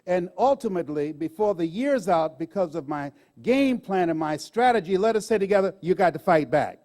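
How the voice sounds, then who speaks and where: High-voiced man in his sixties, exclaiming on stage. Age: 60s. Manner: animated, laughing often, exclamatory. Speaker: motivational speaker. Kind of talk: live motivational speech. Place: stage before a live audience.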